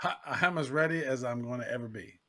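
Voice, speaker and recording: A man's voice: mid-range voice, fast, a bit bright. A man hosting a podcast interview, eager and playful, joking along with his guest. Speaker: podcast host. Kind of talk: casual interview chat.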